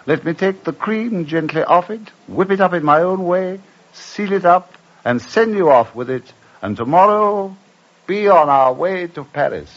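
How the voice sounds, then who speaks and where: An actor playing a witty, carefree English gentleman traveler who also narrates, in a theatrical 1950s radio drama. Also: high voice, expressive, measured pace. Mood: jaunty. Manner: theatrical, jaunty, elegant. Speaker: lead and narrator. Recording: muffled old radio broadcast.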